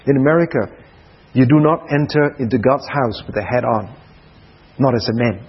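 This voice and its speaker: A man preaching a sermon at a prayer retreat, dramatic, dropping to soft hushed passages. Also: mid-range voice, moderate pace, breathy edge, muffled recording.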